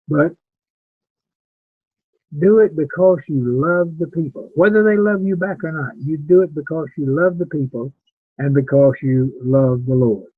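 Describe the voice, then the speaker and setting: Older man, preaching instructor, earnest, husky voice, higher pitch, tinny phone-like sound. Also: unhurried, dry recording. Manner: earnest, plain-spoken, repeats words while thinking. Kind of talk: lecture to preaching students.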